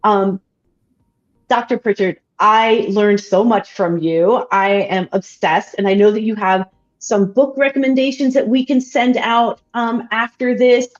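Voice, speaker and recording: A woman hosts a science livestream interview, asking questions and enthusiastically thanking the audience with warm interjections. Her mid-range voice is a little slow with fairly even intonation, and the audio is dull and muffled.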